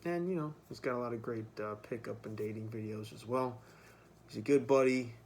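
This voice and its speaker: A man's voice: mid-range voice, a little fast, a little mellow, slight background noise. Casual, profane man rambling to camera. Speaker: vlogger.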